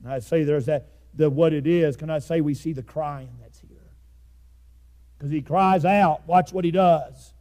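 A man preaching a fiery sermon, swinging between loud shouted climaxes and hushed low passages. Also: measured pace.

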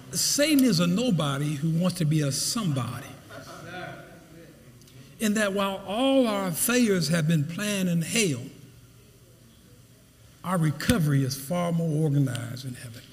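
A man preaching a sermon as pastor, building with emphatic repeated phrases. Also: big-room sound. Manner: preaching with rising pitch and emphatic repetition.

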